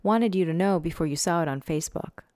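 A man's voice: a little high, fast talker, a little mellow, no echo, studio quality, lightly acted. A woman voicing a man's short, offhand text message as she reads it aloud. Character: smug ex-husband texting news, casual.

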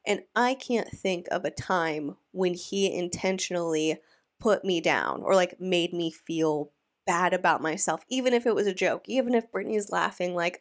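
A woman's voice: fairly low pitch, expressive, moderate pace. A woman giving casual reaction commentary, talking in a chatty, incredulous way with many restarts.

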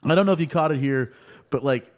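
A man's voice: on the high side, fast talker. A man casually chatting as podcast co-host, retelling scenes with lots of fillers. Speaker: podcast co-host recapping a show. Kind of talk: casual chat.

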